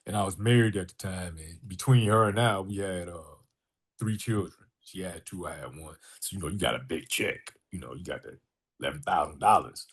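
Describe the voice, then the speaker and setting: A deep, husky voice, fairly fast, belongs to a middle-aged podcast guest who works as an artist and filmmaker. He animatedly narrates a personal story and plays out the dialogue in character.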